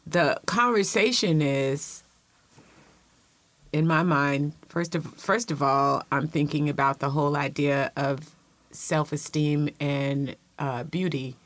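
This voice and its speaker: A woman's voice: deep voice, slow pace, dry recording. Emphatic middle-aged woman co-host. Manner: emphatic, rises to loud passionate bursts. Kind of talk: casual chat.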